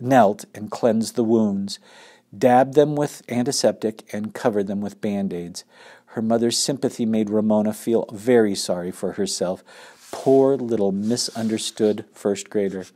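A man reading a children's chapter book aloud, expressive, and stopping to ask his young listeners questions. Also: on the low side. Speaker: storybook reader.

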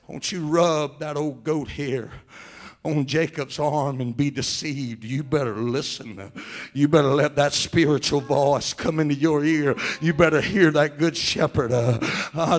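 A male pastor preaching a sermon, swinging between quiet talk and shouted, sing-song cadences punctuated with "uh" and "hallelujah". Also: on the high side, slow pace. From South Carolina, USA.

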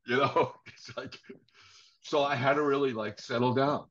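An older man recounting stories as an interview guest, animated and quick to laugh as he acts out the voices of people he quotes. His voice sits at an ordinary pitch, and the audio comes through dull and lo-fi. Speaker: drummer guest. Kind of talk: casual interview storytelling.

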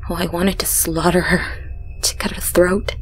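A woman narrating a horror story in a hushed way, slipping into whispered passages. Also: on the low side, little pitch movement, moderate pace, faint music behind.

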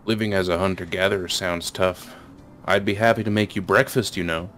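A man's voice: sits low, steady tone, fairly quick, a bit bright, faint music behind. A man voicing a kind, mild young male pigeon schoolboy in a visual novel. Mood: friendly.

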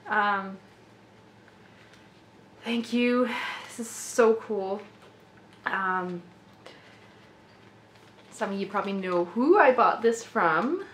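Woman vlogger, gushy and excitable, slightly rough throat, roomy echo with faint hiss. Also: medium pitch, very slow, pauses often. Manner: gushing, excitable, laughs often. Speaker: doll collector vlogger. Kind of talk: casual unboxing vlog. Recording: echoey room with faint noise.

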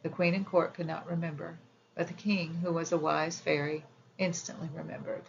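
A woman narrating a children's fairy tale audiobook in a measured, gentle storytelling manner. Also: low voice, level tone, gravelly, lo-fi sound, a little hiss or hum.

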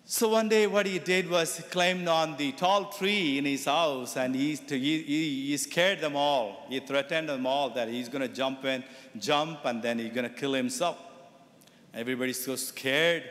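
A man's voice: mid-range voice, measured pace, a bit bright. A man, a Catholic priest, giving a sermon that mixes teaching with a told story. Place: Catholic church. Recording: echoey church reverb.

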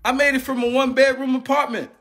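Agitated man ranting, high bright voice. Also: flat delivery, fast talker. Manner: agitated, repetitive, confrontational. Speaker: former football player and coach. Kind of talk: heated rant on a live stream.

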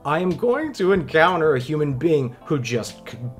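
Wry, deadpan man vlogging. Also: fairly high pitch, normal speed, faint music behind. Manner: dry, wry, deadpan humor. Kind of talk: casual storytelling vlog.

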